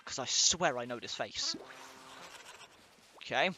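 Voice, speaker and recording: A man's voice: medium pitch, wildly swooping pitch, takes it slowly, bright, forceful tone, slight background noise. A man giving casual let's-play commentary, rambling and thinking aloud with many fillers. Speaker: let's player.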